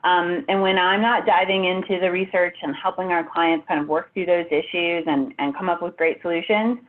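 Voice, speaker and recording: Speaking from home, an American woman who works as a benefits executive gives a webinar presentation, polished yet casual and full of fillers. Her voice is on the low side, with fairly even intonation and a normal speed. The audio sounds tinny, like a phone line.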